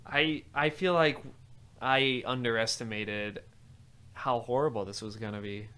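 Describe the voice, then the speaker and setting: A man's voice: medium pitch, steady tone, measured pace, sharp tone, clear, resonant tone. A man hosting a casual music podcast, trading sarcastic, mocking banter about an album. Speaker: podcast host. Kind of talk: casual music commentary chat.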